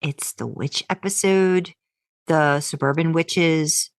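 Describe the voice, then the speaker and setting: A woman's voice: slow pace, dry recording, clean studio sound. A woman co-hosting a podcast, talking in a chatty way with lots of fillers and restarts. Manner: jumps into high voices when quoting. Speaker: podcast co-host. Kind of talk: casual chat.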